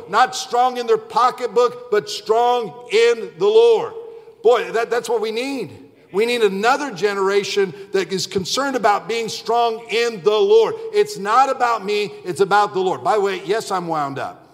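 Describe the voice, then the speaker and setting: A man's voice: sits high, long reverb tail. A man in his forties preaching a fiery evening sermon as pastor, emphatic and impassioned, driving home repeated refrains. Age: 40s. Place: church sanctuary.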